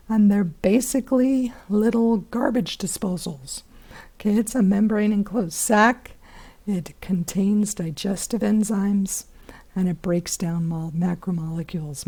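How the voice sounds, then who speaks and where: A hoarse woman teaching biology in a chatty recorded lesson, with many fillers and whispery asides. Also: medium pitch, mellow.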